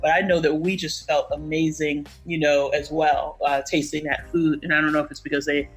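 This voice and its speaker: A woman's voice: low voice, little pitch movement, brisk, faint music behind, rough recording. Chatty, teasing woman podcast co-host. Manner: chatty and teasing, gives listeners travel advice. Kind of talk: casual chat.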